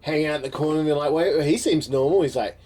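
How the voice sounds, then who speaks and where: A man, co-hosting a podcast and quickly riffing off the other host's jokes. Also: a little high, a little mellow. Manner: quick banter, riffs on the joke. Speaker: podcast co-host. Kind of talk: casual comedic chat. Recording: clear background noise.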